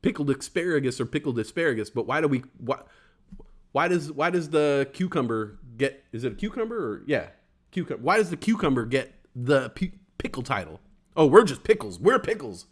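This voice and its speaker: At a fairly quick clip and in a mid-range voice, a livestream host in his forties reads out chat messages. His manner is lively and playful, and he acts out the voices he quotes.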